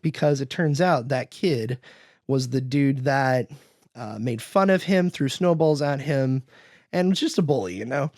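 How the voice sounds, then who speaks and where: A man's voice: mid-range voice, dry recording, clean studio sound. A man hosting a podcast, casually recapping a film and acting out the characters' lines in raised voices. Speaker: podcast host.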